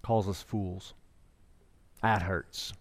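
A middle-aged man preaching a sermon in a relaxed, conversational way, telling jokes and stories to make his points. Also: low voice, extremely slow. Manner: conversational preaching with joke storytelling. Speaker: pastor. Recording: long hall reverb.

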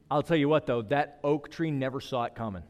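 A man in his thirties preaches a sermon in a church, speaking in a middle-pitched voice. He talks in a relaxed, conversational way, moves between soft, hushed moments and firm emphasis, and his voice trails off into a long reverb. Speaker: pastor. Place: church hall.

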